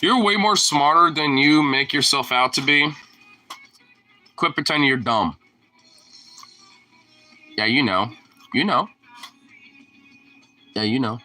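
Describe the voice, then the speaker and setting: A man's voice: medium pitch, animated, slow pace, long pauses, pushed and bright, faint music behind. A young man casually filming his dog and teasing it in playful baby talk.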